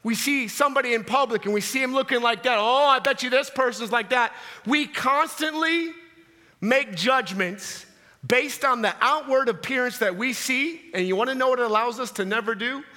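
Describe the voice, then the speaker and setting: A man in his thirties preaches in an animated, confrontational style. His voice is high and very bright. It echoes with a long tail through a large church hall. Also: normal speed. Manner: animated storytelling, direct and confrontational. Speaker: pastor. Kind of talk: sermon.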